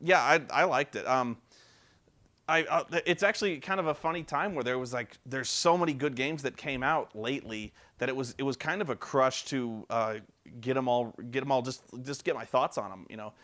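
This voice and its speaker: A man vlogs casually about video games in an ordinary mid-pitched voice. He rambles, circles back and restarts his sentences often. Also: moderate pace, fairly bright tone. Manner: rambling, many fillers and restarts. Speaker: video game vlogger. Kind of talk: casual chat.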